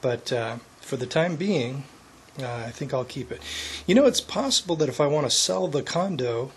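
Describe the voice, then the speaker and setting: A man's voice: medium pitch, expressive, moderate pace, slightly rough. A man casually explaining his deck garden plans, thinking aloud with lots of ums and uhs. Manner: rambling, thinking aloud with many fillers. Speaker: home gardener vlogger. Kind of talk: casual vlog monologue. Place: condo deck, outdoors.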